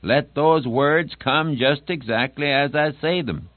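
An earnest male preacher delivers a sermon with steady emphasis, dragging out key words to drive them home. The recording is thin and tinny like a phone line, and dry with no room sound. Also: fairly high pitch, slow pace, hardly any pauses, no echo.

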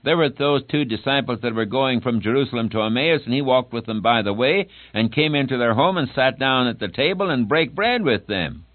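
A man preaching a sermon in an earnest, emphatic way, slowing down to press home key words. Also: mid-range voice, animated, no echo. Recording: dry, tinny phone-like old recording.

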